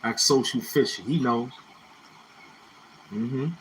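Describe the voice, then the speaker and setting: A man's voice: mid-range voice, slow pace, a little hiss or hum, rough recording. A man telling rambling, slang-heavy stories from his youth in a casual monologue, repeating phrases as he reminisces. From Brownsville, Brooklyn, New York. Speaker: YouTuber.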